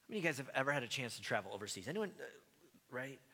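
A man from the United States preaching a sermon in a conversational, self-deprecating way, with animated asides. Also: mid-range voice, rapid-fire, husky, big-room sound. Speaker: pastor.

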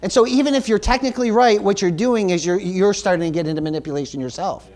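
A man's voice: high-pitched, fast talker, a little mellow. A male pastor preaching a sermon, earnest and emphatic, often repeating words and asking the congregation "Amen?". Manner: calls for audience responses like "Amen?".

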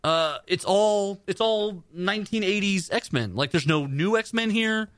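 A man's voice: high-pitched, lively intonation, a bit bright, no room sound, studio quality. A man co-hosting a casual community radio talk show, joking and opinionated about comics. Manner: joking, opinionated, quick banter. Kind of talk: casual comic book chat.

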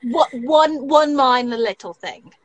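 A woman's voice: high-pitched, expressive, a little slow. A woman playing a tabletop game with friends, teasing and cheeky. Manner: teasing, cheeky, laughs a lot. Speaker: player.

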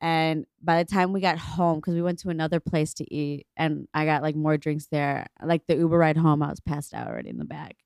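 A young woman co-hosting a casual podcast chat, telling a story with acted-out quotes, big pitch jumps and frequent swearing. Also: fairly quick, vocal fry, few pauses, a little mellow, smooth, no room sound, clean studio sound. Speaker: podcast co-host.

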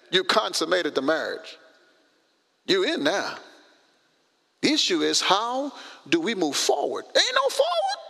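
A pastor in his sixties preaches an animated sermon, acting out conversations with sudden jumps in pitch. His voice is creaky, and the sound has a big-room quality.

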